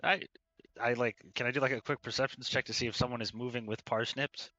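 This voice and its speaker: A man's voice: mid-range voice, fairly even intonation, fast talker, bright, forceful tone, no room sound, poor audio. A man playing a tabletop game, joking and brash as he jumps in with his character's moves. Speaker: player. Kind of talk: casual tabletop play.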